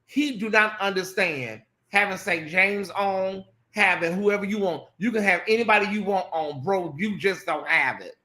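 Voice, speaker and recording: A man hosting a casual late-night live chat, animated and blunt, swearing freely and talking straight to his viewers. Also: high-pitched, moderate pace, hardly any pauses, echoey room. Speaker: host.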